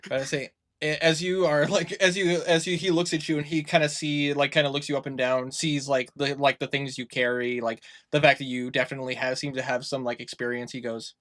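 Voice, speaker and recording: A man's voice: medium pitch, level tone, a little fast, hardly any pauses, a bit bright. A man narrating as game master of a tabletop game, rambling and restarting, full of filler words, on a home microphone over a voice call.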